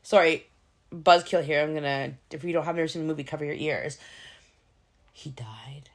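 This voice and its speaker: A middle-aged woman co-hosting a podcast, telling family stories in an animated, casual way. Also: low-pitched, quick pace. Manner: animated storytelling, acting out family conversations. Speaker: podcast co-host. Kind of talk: casual chat.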